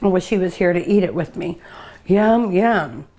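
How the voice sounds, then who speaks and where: Warm-toned and fairly low-pitched, this older Kentucky Southern woman speaks at a moderate pace while hosting her cooking show. A restaurant owner, she savors each dish she tastes, gushing, humming, and sighing between bites.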